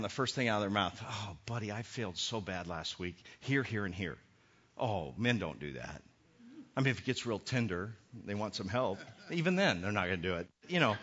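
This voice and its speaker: A middle-aged man preaching a sermon as pastor, animated and acting out the voices he quotes. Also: mid-range voice. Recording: muffled lo-fi sermon recording.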